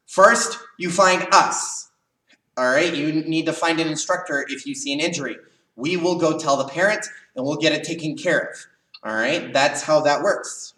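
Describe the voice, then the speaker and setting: Man, karate instructor, bright higher voice, animated, far from the camera mic. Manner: animated, acts out students' cries. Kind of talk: live online class teaching. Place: karate studio, echoey room. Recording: echoey room, voice far from mic.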